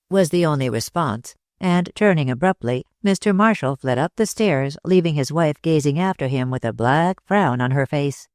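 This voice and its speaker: Narrator, measured classic-novel reading, dry close sound. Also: medium pitch, darkish tone, no room sound. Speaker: audiobook narrator. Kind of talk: scripted narration.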